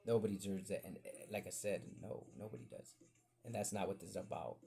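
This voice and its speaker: With a low, creaky voice and a quick pace, a male podcast host wanders through a rambling story from his childhood in casual talk, lively and imitating each person he quotes.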